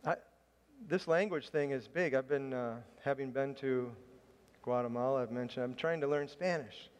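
A man of medium pitch preaches a sermon, telling a chatty, self-mocking personal story before turning to scripture. His voice carries a long reverb, as if heard in a church hall. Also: normal speed, clean tone. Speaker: pastor.

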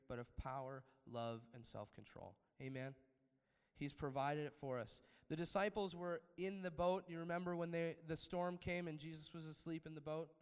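A pastor with a higher-pitched, clean-toned male voice preaches a sermon in a large hall. He calls out to his listeners for amens and builds his delivery up to emphatic peaks.

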